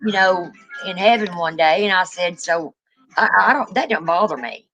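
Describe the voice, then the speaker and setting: Woman host with a bright, forceful voice and a low pitch, animated storyteller, soft music under her. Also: moderate pace, dull audio. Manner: animated storyteller, rises high when quoting. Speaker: livestream co-host. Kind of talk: casual livestream chat, storytelling.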